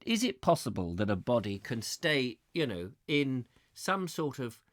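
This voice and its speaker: A man's voice: mid-range voice, big pitch swings, measured pace, dry recording. A man hosting a live stream, reading a book aloud and breaking off for playful, rambling asides to his viewers.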